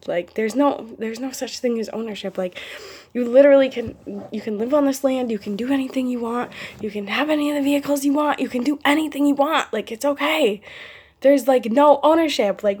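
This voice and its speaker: A woman's voice: a little high, a little mellow. Chatty, giggly woman vlogger. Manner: chatty, giggly, drifting from topic to topic. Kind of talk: casual rambling vlog.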